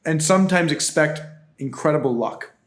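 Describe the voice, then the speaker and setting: Middle-aged man, podcast guest; animated, playful storyteller, casual. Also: on the high side, normal speed. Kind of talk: casual interview talk.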